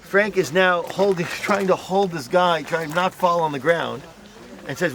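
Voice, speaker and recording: A man guiding a tour group outdoors, telling a story in a lively way and acting out the voices. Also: a little high, moderate pace. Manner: animated, acts out voices in stories. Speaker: tour guide. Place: outdoors at a memorial site.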